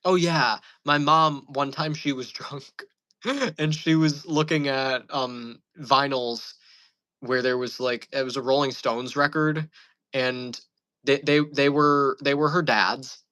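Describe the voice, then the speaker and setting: Guy rambling to camera, bright voice, dry close sound, lots of ums. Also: medium pitch, little pitch movement, takes it slowly, dry recording, low-quality recording. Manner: rambling, amused storytelling with frequent fillers. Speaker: channel host. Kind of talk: casual rambling monologue.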